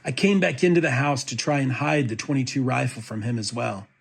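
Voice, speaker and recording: A man reading a court petition aloud as a commentator, with a steady, even delivery. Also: medium pitch, brisk, vocal fry, slightly rough.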